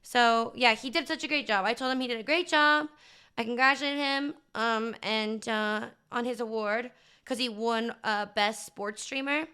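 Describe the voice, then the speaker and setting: A woman's voice: a little high, moderate pace, sharp tone, smooth. A young woman streamer chatting casually to her live chat, bubbly and gushing, with lots of fillers.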